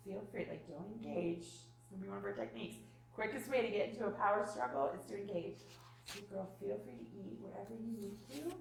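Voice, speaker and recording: A woman in her thirties giving a parenting workshop, animated and acting out little scenes of parents and children. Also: medium pitch. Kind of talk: live workshop talk. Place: room with live audience. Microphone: distant room mic. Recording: echoey room from far off.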